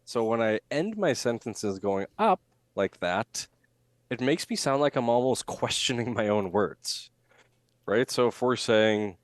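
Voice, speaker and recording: A man with a fairly low voice talks as a coach in a podcast interview. He is animated, acting out his examples and swooping up in pitch to show them. The sound is dry and close. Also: a little slow, dry recording. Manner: animated, acts out rising intonation examples. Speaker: communication coach.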